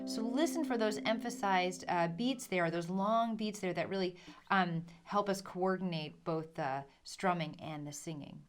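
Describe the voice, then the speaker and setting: A woman's voice: on the low side, measured pace, soft background music. A woman teaching a ukulele lesson, explaining patiently, counting in and singing along. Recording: ukulele playing under the voice.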